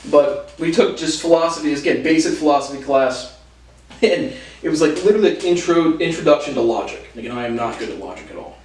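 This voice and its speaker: The young host talks fast and animated, his slightly high voice carrying a darkish tone as he laughs between sardonic, profane college stories in a casual monologue. He's far from the mic, so the sound is echoey and off-mic with faint noise.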